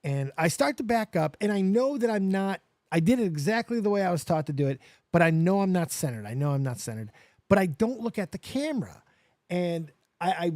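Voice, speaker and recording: A man's voice: high voice, no room sound, studio quality. A man in his forties from Las Vegas, hosting a livestream and telling a story casually, swearing often and acting out every side of the conversation. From Las Vegas, USA. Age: 40s. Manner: animated, swears often, acts out both sides of dialogue. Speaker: livestream host.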